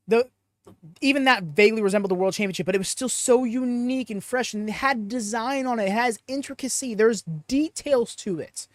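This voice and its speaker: Animated, opinionated male podcast host. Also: high voice, no echo. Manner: animated, opinionated, rambling tangents. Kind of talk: live podcast chat, reading audience chat aloud.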